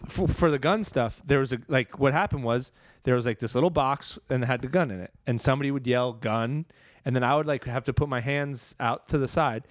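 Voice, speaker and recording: A man's voice: medium pitch, brisk, dry recording. A man telling a long, rambling story in casual chat, swearing freely.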